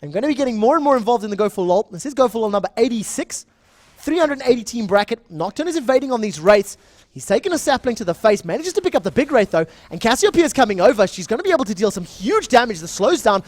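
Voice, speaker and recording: Excitable South African esports caster. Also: male voice, high-pitched, no echo. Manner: fast, excitable play-by-play that rises in big moments. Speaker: esports shoutcaster. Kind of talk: live game commentary.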